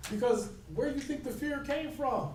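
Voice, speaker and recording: A man's voice: very high voice, normal speed, slight background noise. A man teaching a scripture class in an informal sermon style, talking conversationally and often checking in with "right?". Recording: echoey room recorded from far off.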